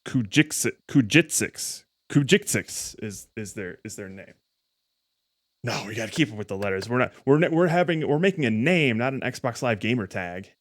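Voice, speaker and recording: A man's voice: mid-range voice, expressive, normal speed. A man streaming a game, rambling and correcting himself as he stumbles over words. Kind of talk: casual gameplay commentary.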